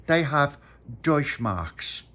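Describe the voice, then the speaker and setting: A man's voice: fairly high pitch, very animated, very slow, pushed and bright, a little hiss or hum, voice pushed up, full character voice. A man voicing a clever little girl who patiently explains things, stumbling a little. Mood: explaining.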